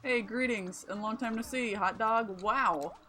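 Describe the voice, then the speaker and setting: A woman's voice: on the high side, unhurried, sharp tone. A woman reading out a friendly animal villager's greeting in a video game, in a raised, chirpy voice. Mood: chummy.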